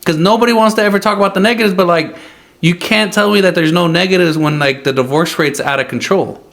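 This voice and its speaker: A man guest on a podcast talks in a loose, rambling way, full of likes and restarts. His voice sits a little high for a man, and he cracks jokes. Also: fast, a bit bright. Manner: joking, rambling with many fillers. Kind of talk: casual chat.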